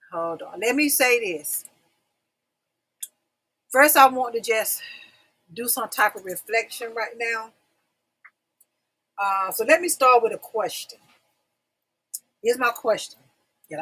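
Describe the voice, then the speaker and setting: A woman's voice: on the high side, lively intonation, slow, long pauses, a bit bright, husky, low-quality recording. A middle-aged woman hosting a casual livestream talk show, chatty and repetitive, talking straight to her viewers. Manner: chatty, repeats phrases, calls audience y'all.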